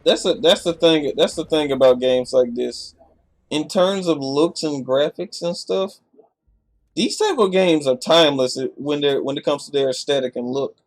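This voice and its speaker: Sleepy and yawning, a man streams casual live reaction commentary, chatting away and often restarting his sentences. His voice is a little high, at a normal speed.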